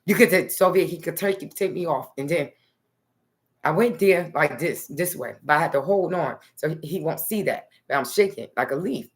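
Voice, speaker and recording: A vlogger from New Jersey speaks to the camera in a loose, rambling personal monologue, sprinkling in "okay" and "nice." Her voice is low and her pace moderate.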